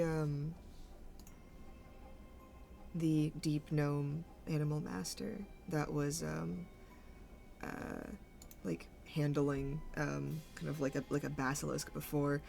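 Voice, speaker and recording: A woman's voice: deep voice, little pitch movement, gravelly, warm tone, soft background music. A woman narrating as game master for a tabletop game, hesitant and full of fillers. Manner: slow, hesitant, many fillers.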